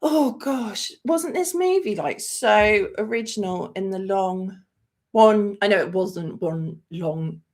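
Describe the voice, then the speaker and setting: Gushing woman with vocal fry. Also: medium pitch, animated, slow, a little mellow. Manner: emotional, gushing, rambling with many fillers. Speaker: host of a movie review channel. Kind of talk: live-stream chat.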